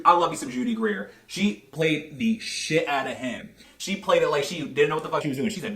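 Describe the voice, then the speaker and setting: Fast-talking profane man in an echoey room. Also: fairly high pitch, sing-song, fairly bright tone. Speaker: movie reviewer. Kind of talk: casual spoken movie review.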